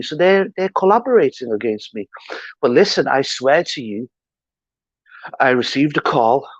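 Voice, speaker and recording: Man, livestream host, combative slangy ranter, middle pitch, dull lo-fi sound. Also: expressive, normal speed, dry recording. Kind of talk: heated casual livestream rant. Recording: dull lo-fi stream audio.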